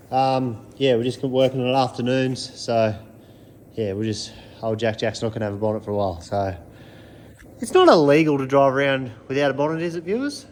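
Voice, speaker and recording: Chatty Australian bloke in a workshop. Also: male voice, medium pitch, slight background noise. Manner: upbeat, chatty, laid-back slang, yells playful calls. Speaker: vlogger. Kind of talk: casual chat. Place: panel repair workshop.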